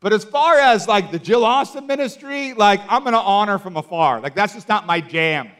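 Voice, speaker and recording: A man preaching a sermon, telling a story in a casual, filler-heavy way and acting out the people in it with loud outbursts. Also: high voice, normal speed. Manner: animated, acts out quotes with loud outbursts.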